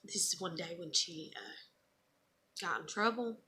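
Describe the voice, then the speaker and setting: A woman's voice: lowish voice, a little slow, bright, forceful tone, a little hiss or hum. A woman talking casually on her own video, frank and rambling, full of "you know" and "like", sometimes swearing. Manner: swears when frustrated. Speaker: mother sharing keepsakes on video. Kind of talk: casual personal vlog.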